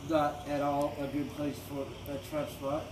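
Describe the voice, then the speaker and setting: A man's voice: on the high side, completely flat delivery, unhurried, crowd noise. A man telling a profane story in a casual, laid-back way, full of fillers. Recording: echoey room, distant mic, noisy.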